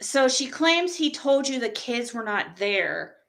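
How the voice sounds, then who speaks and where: Woman streamer cussing and venting to chat, high sharp voice. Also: big pitch swings, slow, gravelly. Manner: profane, heated, talks straight to her chat. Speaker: livestreamer. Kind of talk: angry livestream rant to chat.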